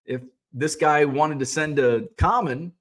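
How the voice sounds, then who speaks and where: A man's voice: a little high, unhurried, a bit bright. A middle-aged man hosting a casual livestream, reading viewer comments and ranting in a sarcastic, profane way. He rambles, restarting his sentences often. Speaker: host of a sports card selling livestream.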